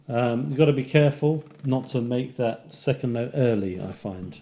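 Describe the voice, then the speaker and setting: A man's voice: mid-range voice, moderate pace. A man with a British accent teaching a casual jazz guitar lesson, counting beats and scatting rhythms. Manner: counts beats aloud and scats rhythms while demonstrating. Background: guitar playing between phrases.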